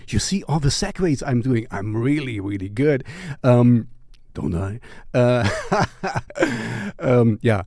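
A man's voice: mid-range voice, expressive, a little slow, warm tone, dry recording, studio quality. A man hosting a casual music recommendation vlog, rambling and joking at his own expense. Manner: rambling, self-mocking, joking asides. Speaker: music channel host.

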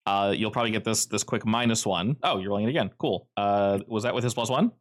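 A man's voice: on the low side, quick pace. A man running a tabletop game as game master, narrating in a rambling, easygoing way full of fillers.

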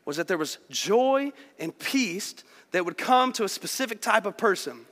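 With a high-pitched, expressive and slightly bright voice, a pastor preaches a little slowly to his church. He keeps it conversational and earnest, dropping "like" and "man" often, and the sanctuary lends a long hall reverb.

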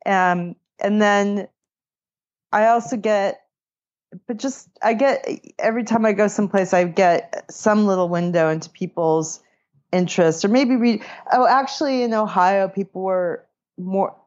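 A woman's voice: medium pitch, measured pace, darkish tone, highs cut off. A woman from California, an author and grammar teacher, chatting as a podcast guest in a meandering way, with many restarts and light laughs. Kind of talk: casual interview chat.

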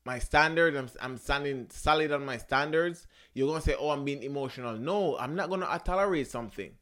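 A young man hosting a podcast, talking casually about relationships in an animated, emphatic way, swearing, repeating himself and searching for words. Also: on the high side, brisk. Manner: searches for words, frequent restarts. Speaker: podcast host.

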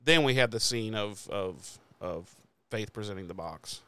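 A man talks through a TV episode recap in a loose, rambling way, dropping swear words constantly and breaking into laughs. His voice is smooth and clear, recorded dry and close with no room sound. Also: on the low side, lively intonation, unhurried, sharp tone, dry recording. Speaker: podcast host recapping episodes. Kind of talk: casual profane recap chat.

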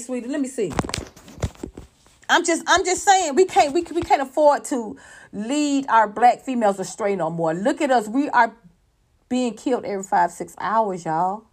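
Blunt, profane woman ranting on a livestream. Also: on the high side. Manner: talks straight to viewers and chat. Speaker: livestream commentator. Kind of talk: unscripted livestream rant.

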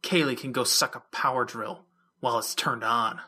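A sardonic teenage girl sitting out the party and grumbling under her breath, as a male narrator reads her. The voice stays near the reader's own pitch, and it comes across dry and clipped with a bright tone. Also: normal speed, close to an everyday voice. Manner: dry, muttering. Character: teen girl with a hurt ankle, sardonic. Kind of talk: audiobook character voice.

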